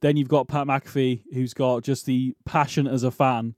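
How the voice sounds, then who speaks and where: A man's voice: mid-range voice, flat delivery, moderate pace, darkish tone, dry recording, studio quality. A man co-hosting a casual wrestling podcast, rambling and restarting as he talks. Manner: rambling, restarts and laughs a lot. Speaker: podcast co-host. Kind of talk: casual chat.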